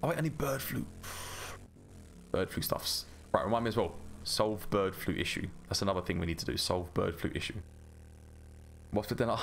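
Man, gaming commentary, lower voice, very lively pitch, rambling, self-mocking. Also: normal speed, vocal fry, a little hiss or hum. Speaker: gaming channel host. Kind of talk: casual gameplay commentary.

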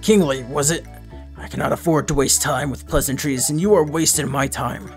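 A man's voice: on the high side, normal speed, faint music behind, lightly acted. A man voicing a cold, impatient wizard in a video game, curt and dismissive.

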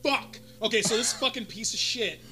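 High, bright-voiced swearing gamer man. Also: moderate pace, a little hiss or hum. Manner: profane, frustrated ranting. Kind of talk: casual gaming commentary.

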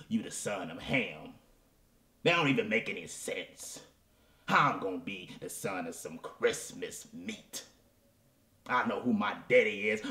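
Man doing a self-pitying male soul crooner, comedy monologue, melodramatic, pleading, very low voice, echoey room. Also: pushed and bright. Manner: melodramatic, pleading, addresses the audience, drops to whispers.

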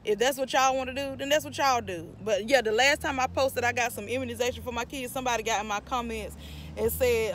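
A woman's voice: on the high side, fairly quick, slight background noise. A woman in her thirties with a North Carolina accent, vlogging chattily to her phone from her car and a store while venting her irritation. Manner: talkative, irritated venting, addresses viewers as y'all. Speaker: mom vlogger. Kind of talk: chatty vlog talk to camera. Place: parked car, then inside a store.

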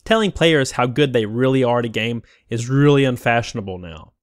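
A man's voice: medium pitch, animated, brisk, dry recording, clean studio sound. A man narrating a scripted game review in a wistful, opinionated way. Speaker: YouTube game critic.

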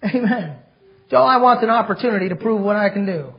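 Male preacher, fiery sermon, dull lo-fi recording. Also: high voice. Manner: reads scripture slowly, then rants and grows loud. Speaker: pastor. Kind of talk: fiery sermon with scripture reading.

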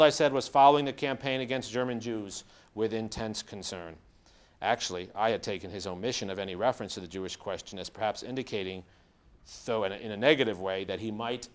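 A man giving a lecture, reading passages from a diary aloud and stopping now and then to explain. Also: fairly low pitch.

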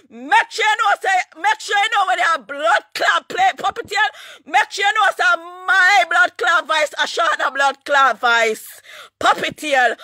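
Jamaican patois woman yelling a furious live rant, super high shrill voice, cussing and taunting nonstop, voice cracking like she's near tears. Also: no room sound, studio quality. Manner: shouting, cursing, repetitive taunting. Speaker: online ranter. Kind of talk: angry livestream rant.

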